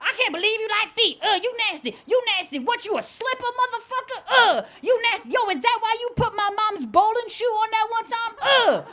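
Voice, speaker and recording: A man doing a shrill disgusted girlfriend. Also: sing-song, brisk, few pauses, sharp tone, a little hiss or hum, exaggerated voice. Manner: repeating taunts with groans of disgust.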